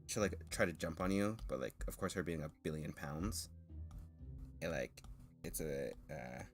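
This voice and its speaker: Low, lively man rambling on stream. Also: moderate pace, faint music behind. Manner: rambling, with frequent laughs and restarts; self-consciously nervous. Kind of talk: casual chat with viewers.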